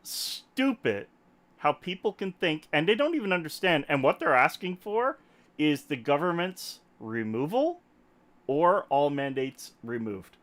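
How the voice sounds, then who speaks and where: A man on a podcast, ranting with big swings in his voice and a bright, forceful edge. He talks emphatically and jokes as he goes, in casual chat. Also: a little high, a little slow. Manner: animated, emphatic, jokey ranting. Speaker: podcast host. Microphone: desktop microphone.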